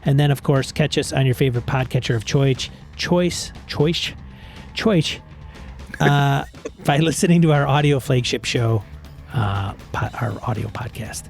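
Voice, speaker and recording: Man, mid-pitched, rambling podcast host, trips over sentences, faint music behind. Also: moderate pace, a little mellow. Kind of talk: casual chat.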